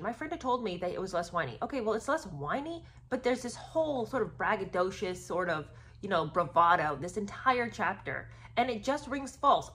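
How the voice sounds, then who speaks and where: A woman talks through a book in a casual commentary style. She sounds sarcastic and exasperated, and her voice sits at an ordinary middle pitch. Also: fairly bright tone.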